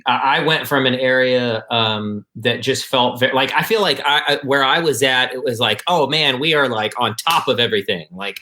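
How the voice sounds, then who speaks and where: A man from Michigan, a musician guest on a video call, telling stories in a rambling, relaxed way full of fillers. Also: medium pitch, moderate pace, few pauses. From Michigan, USA. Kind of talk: casual interview chat.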